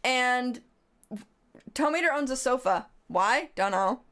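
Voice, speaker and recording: A woman on a livestream reads slides aloud and riffs on them, talking in a playful, rambling way. Her voice sits a little on the high side. She keeps sliding into goofy asides. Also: animated, slow, pauses often, a bit bright. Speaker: streamer. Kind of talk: comedic livestream commentary reading slides.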